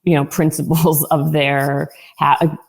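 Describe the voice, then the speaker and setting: Female podcast host, low register, casual, self-correcting. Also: little pitch movement, slow pace, gravelly. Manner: conversational, relatable, self-correcting. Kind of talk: casual interview chat.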